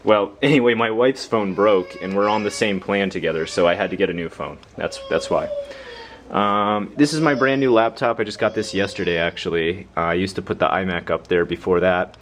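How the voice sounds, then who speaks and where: A man's voice: low voice, a little fast, noisy background. A young man giving a casual, rambling home-tour vlog inside his house, self-deprecating and full of fillers.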